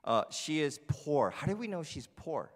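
A man's voice: on the high side, very animated, normal speed. A man from New Jersey preaching a conversational sermon, often asking the congregation questions. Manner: chatty, asks the congregation questions. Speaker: pastor. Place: church sanctuary. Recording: long hall reverb.

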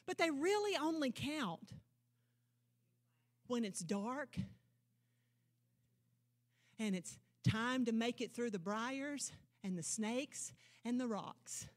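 At a church service, a woman pastor preaches with emphatic declarations and rhetorical questions, swinging between loud proclamations and low, intense asides. She is animated, speaks slowly, and pauses often.

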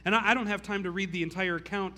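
A man's voice: sits high, fairly even intonation, fast talker, pushed and bright, faint music behind. A man preaching a conversational sermon, often restarting phrases and saying "like" as he retells the story. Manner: casual, stammering restarts, frequent "like". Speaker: pastor.

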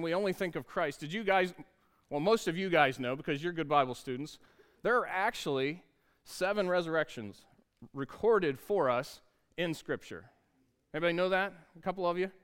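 A man's voice: on the high side, a bit bright, clear, resonant tone. A man, preaching a sermon in an upbeat, conversational way and asking the congregation questions. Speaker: pastor.

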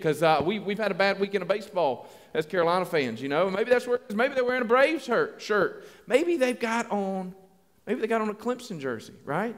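Male pastor, high-pitched, folksy and lively, reverb of a large church hall. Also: fairly quick. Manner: folksy, animated, acts out little dialogues. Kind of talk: sermon.

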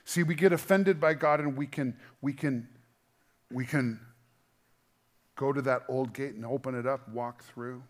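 A middle-aged man preaches a sermon as pastor at an unhurried pace and medium pitch. He sounds earnest and conversational, trading quiet, intimate moments for louder bursts of emphasis.

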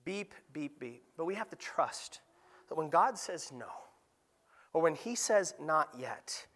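A male pastor preaching in a lively, conversational way, keeping the congregation with him through frequent "right?" asides. His voice sits high for a man and has a bright, forward ring. Now and then he acts out quoted voices and playful sound effects. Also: unhurried. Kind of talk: sermon.

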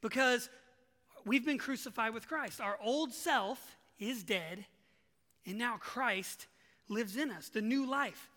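A male pastor with a very high, bright voice delivers an earnest sermon. He repeats key phrases for emphasis. The church hall leaves a long reverb tail. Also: slow pace.

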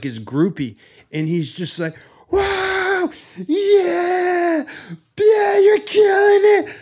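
A man hosting a podcast, telling a funny story in a lively way and acting out scenes as he goes. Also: fairly high pitch. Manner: animated, acts out scenes with funny imitations. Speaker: podcast host. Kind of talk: casual storytelling chat.

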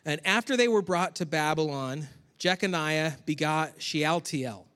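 A man from Western New York preaching a conversational sermon, with chatty, animated asides to the congregation. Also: a little high, measured pace, smooth. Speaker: pastor. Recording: long hall reverb.

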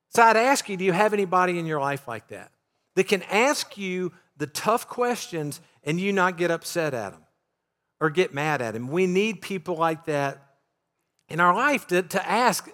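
High-voiced man preaching in a reverberant hall. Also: lively intonation, normal speed, bright, forceful tone. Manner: conversational, asks the listeners rhetorical questions. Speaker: pastor. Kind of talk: sermon.

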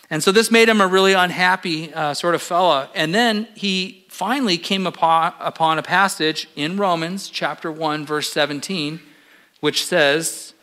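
A man preaching a sermon in a relaxed, conversational way, with frequent fillers, pausing to quiz the congregation. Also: on the high side.

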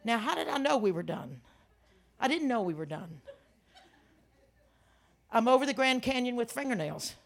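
An older woman preaching a sermon, telling stories with animated emphasis and frequent laughs. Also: fairly high pitch, normal speed, creaky, pauses often. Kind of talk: sermon with storytelling.

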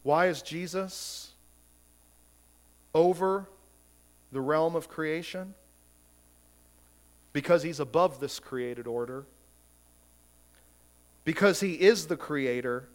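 A man's voice: on the high side, slow pace, long pauses. A man preaching a sermon as pastor, emphatic and full of rhetorical questions, often repeating words as he goes.

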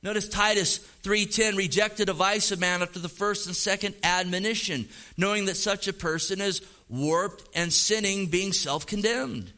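A man's voice: high voice, moderate pace, few pauses, pushed and bright. A man preaching a sermon as pastor, emphatic and casual, with slang.

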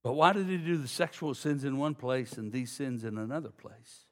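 A man preaching a sermon, folksy and direct with the congregation, swinging from low, quiet passages to loud emphasis. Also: normal speed. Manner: folksy, addresses congregation as y'all. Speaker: pastor.

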